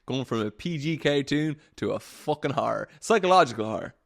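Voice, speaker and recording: A man's voice: mid-range voice, animated, fairly quick, vocal fry. A young man hosting a solo podcast, telling stories in a rambling, casual way, swearing freely and laughing often. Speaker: podcast host.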